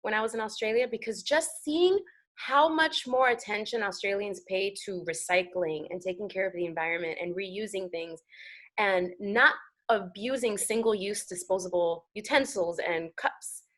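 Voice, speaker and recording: Brief: American actress, animated and talkative, mid-pitched, interview guest. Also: female voice, moderate pace. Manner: animated, chatty, many fillers. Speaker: guest actor. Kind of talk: casual interview chat.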